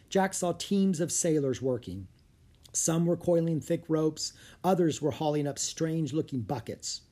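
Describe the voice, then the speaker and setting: An audiobook narrator reading a children's adventure aloud, steady and clear, shifting slightly into each character. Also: medium pitch. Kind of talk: storybook read-aloud.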